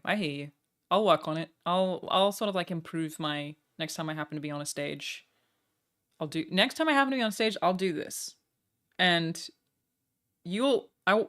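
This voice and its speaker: A young woman talks casually to her live-stream audience, her voice bright and forward. She jokes at her own expense and keeps breaking off into quick asides. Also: on the low side. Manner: chatty, joking and self-mocking, quick asides. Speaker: streamer reacting to a broadcast.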